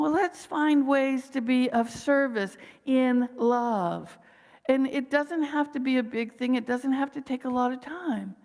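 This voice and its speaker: A woman minister giving a gentle sermon, slowing down to guide her listeners through pauses and breaths. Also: sits high, in a large hall. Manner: gentle, slow guiding pauses with breathing cues.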